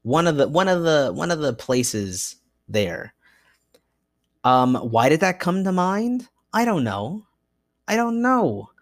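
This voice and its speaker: A man's voice: fairly high pitch, very animated, slow pace, no echo, clean studio sound. A young man hosting a solo podcast, rambling and self-mocking, with frequent restarts and asides. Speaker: podcast host.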